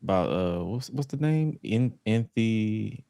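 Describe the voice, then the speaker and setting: A man co-hosting a casual wrestling chat podcast, animated and laughing often, his voice jumping high when he jokes. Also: takes it slowly, vocal fry, no room sound, studio quality. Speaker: podcast co-host.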